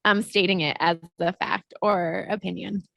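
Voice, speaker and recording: A woman with a heavily gravelly, fry-laden voice, talking reflectively and hedging her points as a podcast co-host. The sound is close and dry, with a middling pitch. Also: steady tone, normal speed, pushed and bright, dry recording. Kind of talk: casual podcast chat.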